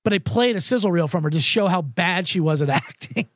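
A man's voice: high voice, expressive, a little fast, a bit bright, no echo, clean studio sound. A male podcast host telling a profane, sarcastic comedic story and acting out the people in it. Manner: profane, sarcastic, acts out quoted voices.

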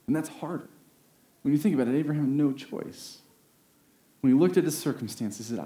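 A man preaching a sermon, earnest, rising to emphatic peaks and slowing down on key phrases. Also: on the high side, lively intonation, mellow. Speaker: pastor. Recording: roomy echo.

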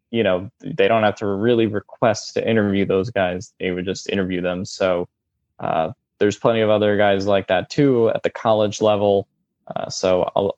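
A man talks through a casual sports discussion in stop-start phrases, padding them with fillers and restarts. His voice sits a little low. The sound is dull and muffled, with a dry, close feel and no room around it. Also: darkish tone, no echo. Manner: halting, many fillers and restarts.

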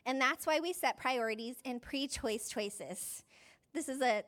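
A woman's voice: sits high, a little slow, a bit bright. A woman pastor giving a conversational sermon, chatty and self-deprecating, often saying "like" and laughing mid-sentence.

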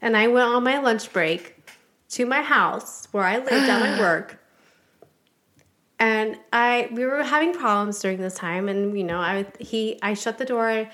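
A woman's voice: on the high side, moderate pace, fairly bright tone. A woman speaking as a guest on a podcast interview, talking in a blunt, frank way and swearing freely.

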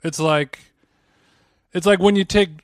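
A man's voice: sits high, fairly even intonation, a little slow, dry recording, studio quality. A man co-hosting a podcast in casual banter, joking and rambling off on tangents. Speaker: podcast co-host.

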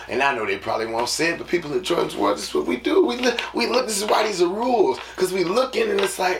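A man hosts a solo podcast, talking loosely and preachily as he lays out his rules. He sits a little back from the mic in a roomy space, and clear background noise runs under his voice. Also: high voice, big pitch swings, quick pace, hardly any pauses, distant mic. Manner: preachy, rambling, peppered with "you know what I'm saying". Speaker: podcast host. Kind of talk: casual solo podcast monologue.

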